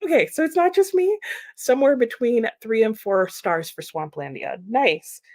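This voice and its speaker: A woman's voice: a little high, lively intonation, moderate pace, darkish tone. Woman, livestream host, casual chat, laughs a lot, reads comments aloud.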